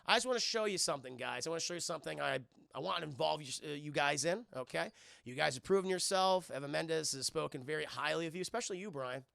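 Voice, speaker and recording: A man playing a cold crime boss who talks slow and low and smooth, making quiet threats. The voice is gravelly and dry, with no room around it. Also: no echo. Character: menacing smooth-talking male crime boss.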